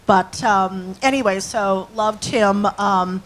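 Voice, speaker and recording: A woman in her sixties, an actress and acting teacher, tells rambling anecdotes to an audience, chatty and full of fillers. Her medium-pitched voice is slow, and the recording is low quality.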